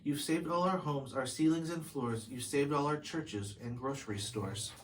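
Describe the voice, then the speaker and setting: A man voicing a tiny, grateful male town mayor while reading a storybook aloud, speaking softly and quietly. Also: fairly high pitch, moderate pace, background noise, natural voice.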